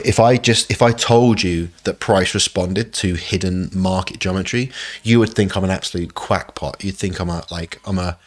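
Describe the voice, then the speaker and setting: An excitable man hosting a live stream and walking through trading charts. He keeps repeating "look" and laughs often. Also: low voice. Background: faint backing music.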